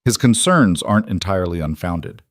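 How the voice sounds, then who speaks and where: A man playing a calm, cold mafia boss. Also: low-pitched, moderate pace, no room sound, clean studio sound. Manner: calm, conversational, matter-of-fact.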